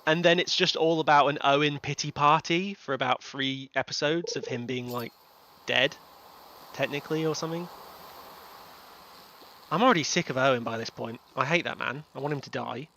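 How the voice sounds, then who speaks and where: A man's voice: mid-range voice, moderate pace, bright, forceful tone. A young man streaming a farming game, ranting animatedly and swearing in casual chat. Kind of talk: casual livestream chat while gaming.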